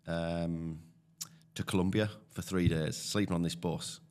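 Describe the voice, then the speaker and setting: Low-voiced chatty man with a Teesside accent. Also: fairly even intonation, measured pace, darkish tone, clear, resonant tone. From Teesside, England. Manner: chatty storyteller, many fillers. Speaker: guest, property investor. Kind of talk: casual podcast conversation.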